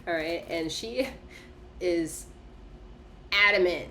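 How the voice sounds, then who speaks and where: A woman's voice: fairly low pitch, extremely slow, noisy background. Emphatic, profane woman tarot reader. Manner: emphatic, repetitive, profane, punctuated by laughter. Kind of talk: casual spoken tarot reading.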